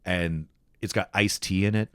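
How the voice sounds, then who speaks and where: A man from Canada, a podcast guest, in casual comedic chat, swearing and swinging into high put-on voices when he quotes people. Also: steady tone, normal speed, dry recording, studio quality.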